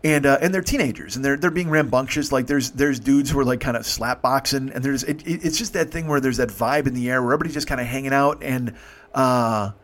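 A man in his fifties telling a story casually, swearing freely and stopping to restart his sentences. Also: medium pitch. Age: 50s. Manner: profane, halting, animated. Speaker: podcast host.

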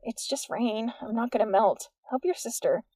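A woman's voice: a little high, normal speed, warm tone, slightly rough, dry recording, clean studio sound. A woman reading the part of a stubborn, sarcastic teenage girl in an audiobook, with dismissive retorts.

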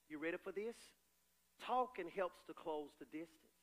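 A man preaching a sermon as pastor, animated and conversational, swinging between loud cries and quiet asides. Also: fairly high pitch, moderate pace.

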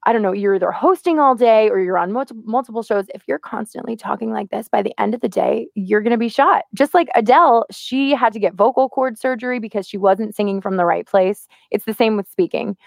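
A woman co-hosting a casual podcast and giving voice tips, with a slight vocal fry and an animated, lively delivery. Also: medium pitch, a little fast, hardly any pauses, dry recording, studio quality. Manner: lively, animated, lots of laughs and vocal demos. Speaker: co-host, voice-over artist.

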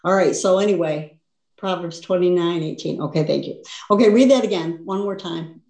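A woman's voice: fairly low pitch, normal speed, creaky, a little mellow, roomy sound. A woman teaching a Bible lesson as a sermon, talking conversationally and often checking in with "you understand?". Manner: conversational preaching, frequent "you understand?" and "see?".

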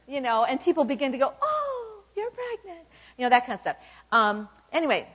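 A woman in her fifties giving an informal, chatty sermon full of "okay" and "you know" asides. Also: medium pitch. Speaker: church speaker. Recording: dull lo-fi recording.

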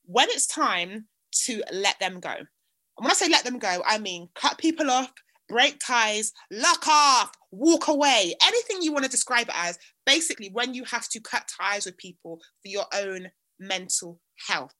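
Bright, high-pitched woman chatting. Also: moderate pace. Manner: chatty and animated, jumping pitch when emphatic. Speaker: podcast co-host. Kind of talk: casual chat.

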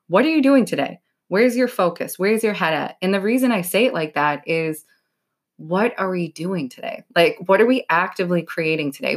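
A young woman hosting a podcast, giving casual motivational talk in a blunt way, swearing freely and saying "like" a lot. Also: on the low side. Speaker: podcast host.

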